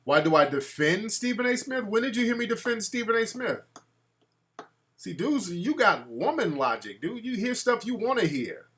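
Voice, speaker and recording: A man's voice: sits high, sing-song, moderate pace, a bit bright. A man hosting a casual call-in show, talking in a brash, profane way and reacting to his live chat. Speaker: talk show host.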